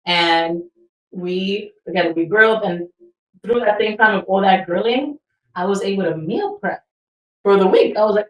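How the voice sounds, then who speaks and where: A woman's voice: mid-range voice, normal speed, echoey room, distant mic, poor audio. A woman in her thirties co-hosting a podcast, talking casually and swearing easily. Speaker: podcast co-host. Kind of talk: casual chat.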